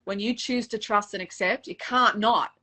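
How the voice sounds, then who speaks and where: A middle-aged woman, a dating coach, telling a personal story in a casual interview, animated and emotional, acting out the quotes. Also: medium pitch, normal speed.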